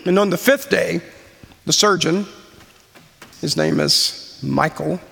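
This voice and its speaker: A man in his forties giving a sermon-style personal testimony, earnest and slow with pauses. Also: a little high, wildly swooping pitch, gravelly, a bit bright, husky. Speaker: speaker sharing testimony. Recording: long hall reverb.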